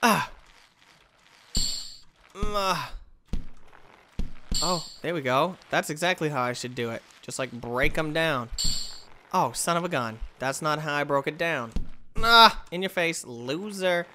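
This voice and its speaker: A man giving excited gameplay commentary, yelping, exclaiming and trash-talking as he plays. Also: fairly high pitch, a little slow, long pauses, noisy background. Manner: excitable, yelps and exclaims loudly; trash-talks the game. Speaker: gamer.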